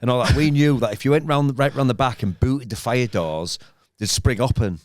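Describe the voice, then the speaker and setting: A middle-aged man with a Hull accent, telling animated, rambling stories in a casual podcast chat. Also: normal speed, no room sound, studio quality. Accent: Hull, East Yorkshire. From Hull, England. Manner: animated, rambling storyteller with sudden pitch jumps. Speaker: podcast host.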